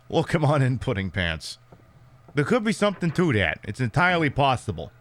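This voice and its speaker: A man's voice: mid-range voice, huge pitch swings, a little fast, slight background noise. A man streaming a horror game, giving casual let's-play commentary with sarcastic jokes, rambling asides and casual swearing.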